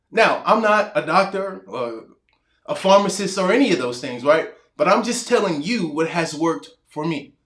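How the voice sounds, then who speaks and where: A man in his thirties speaks straight to the viewer in a relaxed, conversational self-help talk, his voice sitting high. He acts out bits of his own past dialogue. The room around him is echoey. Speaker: motivational speaker.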